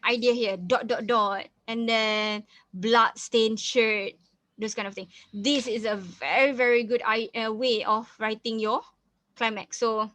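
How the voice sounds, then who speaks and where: A woman's voice: a little high, a bit bright, dry recording. Malaysian woman teaching a reading lesson. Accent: Malaysian English. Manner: code-switches to Malay, repeats and restarts often. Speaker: English teacher. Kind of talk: reading lesson, explaining a story.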